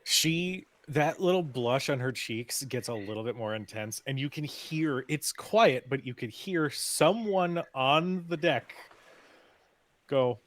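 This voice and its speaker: A man's voice: medium pitch, lively intonation, measured pace, few pauses, fairly bright tone. A man narrating as game master of a tabletop game, loose and laughing often.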